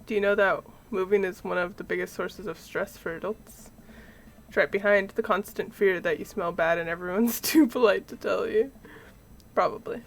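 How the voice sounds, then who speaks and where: Young woman streaming a game, giggly and chatty, medium pitch. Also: normal speed, creaky, slight background noise. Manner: giggly, playful asides. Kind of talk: casual gameplay commentary.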